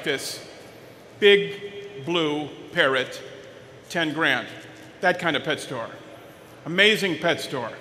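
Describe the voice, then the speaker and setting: A man giving a motivational keynote at a business expo, telling a story in an animated way with lively asides. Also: high-pitched, a little hiss or hum. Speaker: keynote speaker. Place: large expo hall. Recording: long hall reverb, faint ambience.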